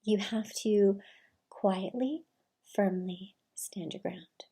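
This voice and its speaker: A woman giving casual advice in a soft, often half-whispered delivery. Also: mid-range voice, slow pace, husky. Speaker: advice vlogger.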